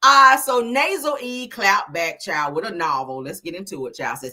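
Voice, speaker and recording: A woman's voice: mid-range voice, normal speed, hardly any pauses. A woman hosting a casual gossip commentary, reading posts aloud with sassy asides. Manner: sassy, animated, drops asides like "child" and "girl". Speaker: commentary channel host. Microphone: streaming desk mic.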